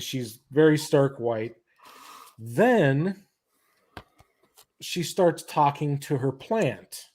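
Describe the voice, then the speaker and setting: A man hosts a podcast in easygoing chat, his pace slow and unhurried. He pauses often and restarts phrases as he retells the story. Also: medium pitch, darkish tone. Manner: halting retelling of a comic's plot. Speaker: podcast host. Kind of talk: casual chat.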